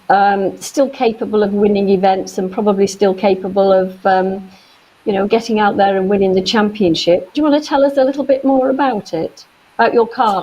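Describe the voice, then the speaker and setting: A woman hosting a studio chat show, with a voice of middling pitch. She puts her questions with frequent hesitations and fillers. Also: darkish tone, low-quality recording. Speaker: host. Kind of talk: casual interview.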